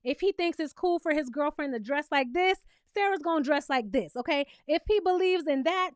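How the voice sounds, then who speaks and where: Sassy high-voiced woman reviewer. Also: animated, normal speed, no room sound, studio quality. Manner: sassy, emphatic, exasperated. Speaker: reality TV reviewer. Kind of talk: casual commentary vlog.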